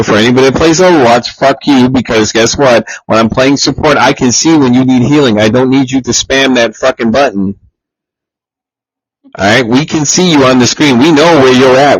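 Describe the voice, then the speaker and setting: A man's voice: mid-range voice, breathy edge, no echo, rough recording. Profane teasing guy. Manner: profane, teasing, animated impressions. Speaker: podcast co-host. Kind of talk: casual chat.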